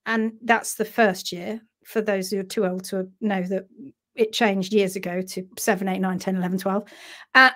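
A woman telling a funny story on a live stream, animated and self-mocking, laughing often. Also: on the high side. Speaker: host of a live horse-care session.

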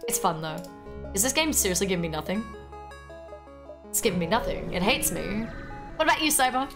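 A young Australian woman streaming a game live, excitable and quick to swear and laugh as she chats with her viewers. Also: mid-range voice, music in the background. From Melbourne, Australia. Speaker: livestreamer. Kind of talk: casual live game commentary.

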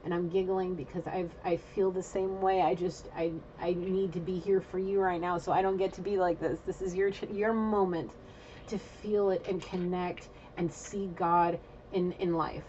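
A woman's voice: fairly low pitch, normal speed, lo-fi sound, a little hiss or hum. A woman giving an intuitive spiritual reading in a casual, rambling way, talking straight to her viewers and swearing now and then. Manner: excitable, rambling, swears, talks to viewers directly. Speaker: intuitive reader.

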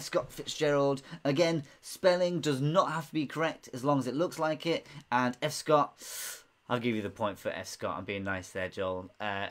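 A young man hosting a live-streamed pub quiz, chatty and giggly, reading out viewers' comments. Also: medium pitch. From United Kingdom. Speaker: quiz host.

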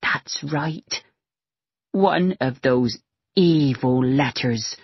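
A man voicing a gossipy, grave old female maid in a hushed, dramatic way. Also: mid-range voice, very slow, slightly rough, dry recording, lo-fi sound, exaggerated voice. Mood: grave gossip.

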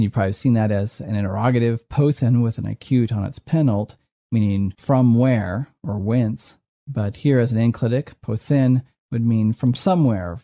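A male professor giving a recorded lesson in a steady, methodical way, spelling out each rule with care. His voice is mellow and dark, recorded close with a dry sound and no room echo. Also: fairly low pitch. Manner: methodical, clearly enunciated explanation. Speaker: Greek professor. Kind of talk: recorded lecture.

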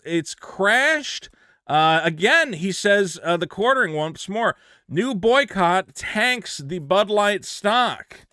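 Animated sarcastic male commentator. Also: high-pitched, dry recording, studio quality. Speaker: commentary YouTuber. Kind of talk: opinionated commentary.

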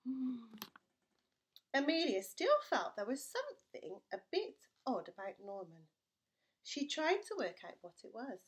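A woman teacher reads a children's storybook aloud to her class. Her reading is playful and expressive, with a fairly high voice and lots of rise and fall. She takes her time. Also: unhurried.

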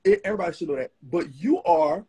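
A man hosting a casual live stream, a little drunk, talking in a profane, rambling, animated way, with a rough, hoarse voice and a Southern US accent. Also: a little high, fast talker. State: tipsy. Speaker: host.

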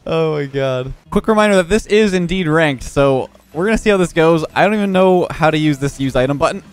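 A young man giving live commentary over his own gameplay, excitable and quick to laugh, with frequent exclamations. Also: fairly high pitch, clean tone. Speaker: gaming YouTuber.

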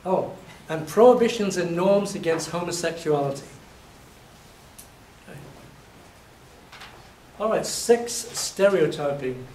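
A man from England giving a university lecture, telling lively stories and acting out his examples, his voice a little hoarse. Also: fairly high pitch, slow, long pauses. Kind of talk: classroom lecture. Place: lecture hall. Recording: echoey hall, distant mic, faint noise.

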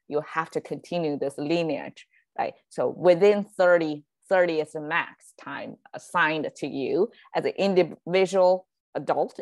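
A woman with a notably low voice teaches in a relaxed, conversational way. She often checks in with her listeners as she explains. The recording is dry and close. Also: measured pace, dry recording. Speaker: language teacher. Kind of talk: explaining a word lesson.

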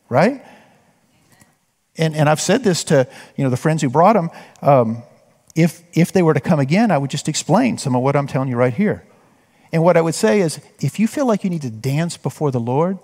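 Man, pastor's sermon, fairly high voice, long church reverb. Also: darkish tone. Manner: conversational, asks the congregation questions. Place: church sanctuary.

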